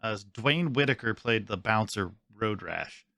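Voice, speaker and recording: A man's voice: lowish voice, expressive, measured pace, pushed and bright, no room sound, studio quality. A man co-hosting a podcast, chatting casually and filling in cast details about a film. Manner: informative, listing cast details. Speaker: podcast co-host.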